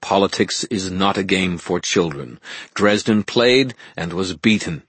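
A man's voice: low voice, a little slow, dry recording, voice pushed up, heavily acted. Man playing a cold, scheming elder wizard. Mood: flat. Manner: smooth, flat, condescending.

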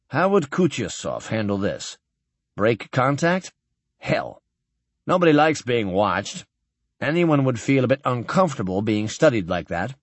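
A man giving an expressive scripted narration of a science fiction novel. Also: mid-range voice, a little slow, dry recording. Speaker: audiobook narrator.

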